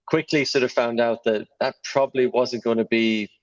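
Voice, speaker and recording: A man in his thirties with a mild Irish accent softened by years in Australia and England, telling his story in a relaxed, chatty way as a podcast guest. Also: medium pitch, moderate pace, muffled recording. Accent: mild Irish, softened by Australian and English. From Ireland. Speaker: guest, sales professional. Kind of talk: conversational podcast interview.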